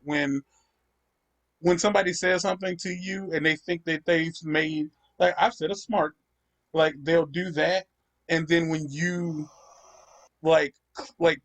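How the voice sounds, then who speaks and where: A young man hosting a gaming channel, ranting profanely in casual chat while he plays. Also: on the high side. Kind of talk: casual chat over gameplay.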